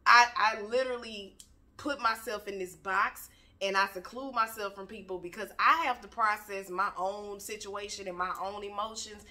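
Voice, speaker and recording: Woman motivational vlogger, bright and forceful, blunt and swearing, preaching from her couch. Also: mid-range voice, fairly even intonation, moderate pace. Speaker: motivational speaker. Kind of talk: candid motivational talk. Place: home, on a couch.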